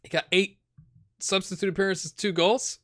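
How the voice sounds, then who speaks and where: A man hosting a game channel talks through a football management save, his voice sitting high and a bit bright, with fairly even intonation at a moderate pace. His casual gameplay commentary is rambling and chatty as he thinks aloud, restarting often.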